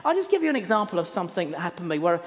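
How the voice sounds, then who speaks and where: A man's voice: sits high, sing-song, rapid-fire. A man preaching a sermon in a church hall, telling a story earnestly and often repeating words as he goes. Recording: long hall reverb.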